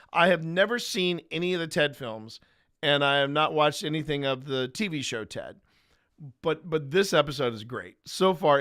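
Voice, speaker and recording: A man with a slightly high voice hosts a paranormal footage review in a loose, rambling chat. He circles back, restarts sentences and keeps it casual. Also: a bit bright, clean tone. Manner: rambling, chatty, many restarts. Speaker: paranormal investigator host.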